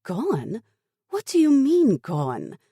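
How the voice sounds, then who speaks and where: A woman's voice: mid-range voice, sing-song, measured pace, mellow, breathy edge, no echo, clean studio sound, voice pushed up. Woman voicing a desperate woman scientist. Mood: pleading. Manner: insistent, pleading, rising to anger. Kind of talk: audiobook character voice.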